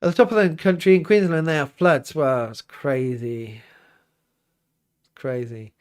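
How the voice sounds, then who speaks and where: Man, priest, livestream host, casual chat, reads viewer comments, easygoing, laughs a lot, slightly high voice. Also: steady tone, measured pace, smooth. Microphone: livestream mic.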